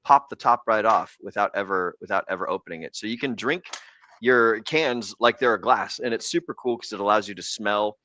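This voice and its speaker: A man's voice: lowish voice, a little fast, pushed and bright. A young adult American man hosting a casual livestream show, rambling, joking and swearing freely. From United States. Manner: rambling, profane and jokey. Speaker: podcast host.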